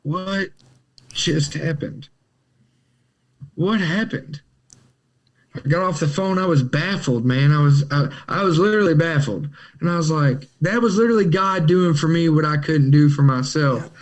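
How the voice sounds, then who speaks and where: A man's voice: fairly high pitch, fairly quick, few pauses. A man telling his recovery story with casual Southern slang, acting out the voices of others. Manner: animated, acts out quotes in character voices. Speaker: guest in recovery.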